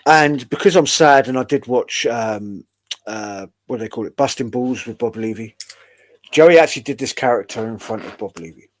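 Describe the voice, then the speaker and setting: A man's voice: medium pitch, moderate pace. Rambling man hosting a show. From United Kingdom. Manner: rambling, profane, wry. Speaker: podcast host. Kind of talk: casual chat.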